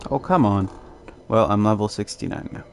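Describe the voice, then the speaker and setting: A man's voice: lowish voice, moderate pace, slight background noise. A young man from Canada chatting casually while streaming a game, laid-back and rambling, often restarting his sentences and chuckling. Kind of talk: casual gaming commentary.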